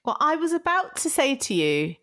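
Woman co-host, casual podcast chat, quick to laugh, stammers when she acts things out. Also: high voice, sing-song, a bit bright. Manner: laughs often, stammers through role-play apologies.

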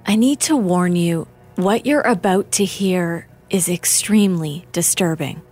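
A woman narrating a true-crime documentary in a measured, grave scripted delivery. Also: lowish voice, a little mellow, faint music behind.

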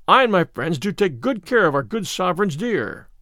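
A bold, blustering outlaw, put on by a man reading aloud, booming out old-fashioned threats. The voice runs high and lively, with a dry, close sound. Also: moderate pace, no room sound, exaggerated voice. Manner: loud, blustering archaic speech.

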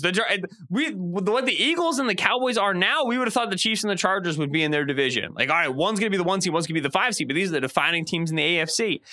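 Male co-host, sharp bright tone, exasperated rambling rants. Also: high-pitched, animated, fast talker, few pauses. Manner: exasperated rants, stammering restarts. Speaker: podcast co-host. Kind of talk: casual sports chat.

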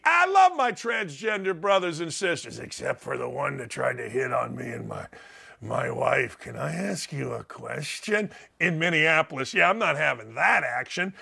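Man, radio host, opinionated monologue, stammering restarts, gravelly, high pitched. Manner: repetitive, excitable, stammering restarts.

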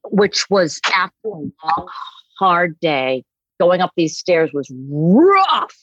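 Podcast guest, middle-aged woman, comedic storyteller, lowish pitch, dull close recording. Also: takes it slowly, no echo. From Boston area. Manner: animated storytelling, acts out voices. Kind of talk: casual chat.

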